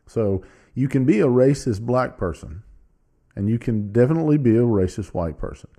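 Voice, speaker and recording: A man hosts his own show, speaking straight to the viewer with blunt, casual opinion commentary and reading search results aloud. His voice is mid-range with a dark tone, animated, at a moderate pace.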